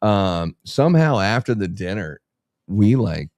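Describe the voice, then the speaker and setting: A man with a low voice, recorded dry and close. His casual podcast storytelling rambles along, full of slang and jokes at his own expense. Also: very animated, measured pace, darkish tone, dry recording. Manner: rambling, slangy, self-mocking. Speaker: podcast co-host.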